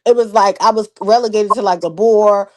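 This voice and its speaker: A woman's voice: mid-range voice, steady tone, fairly quick. A woman co-hosting a podcast, chatting casually with lots of filler words and restarts. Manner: rambling, many filler likes. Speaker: podcast co-host. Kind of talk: casual chat.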